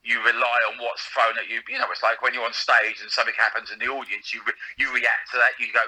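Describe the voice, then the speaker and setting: A man talks casually in an interview, laughing often and tripping over his words as he goes. His voice is strikingly bright and sharp. It comes through a slightly tinny line. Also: mid-range voice, level tone, quick pace, few pauses, husky. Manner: chatty, laughing, many restarts. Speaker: panto comic and radio presenter, guest.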